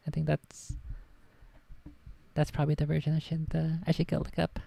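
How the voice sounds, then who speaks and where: A woman streamer reading a novel aloud and chatting casually, self-critical and quick to swear. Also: low-pitched, completely flat delivery, vocal fry, mellow, breathy edge.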